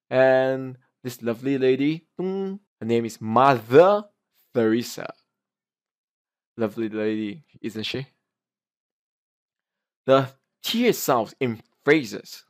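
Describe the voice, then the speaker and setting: A young man with a Singaporean English accent teaching pronunciation, reading tongue twisters slowly and adding chatty asides to the viewer. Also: mid-range voice.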